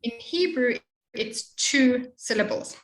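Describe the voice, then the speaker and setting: A woman tutoring a student in Hebrew reading, explaining patiently and slowly modeling each sound. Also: fairly high pitch, roomy sound, low-quality recording. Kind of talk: one-on-one reading lesson.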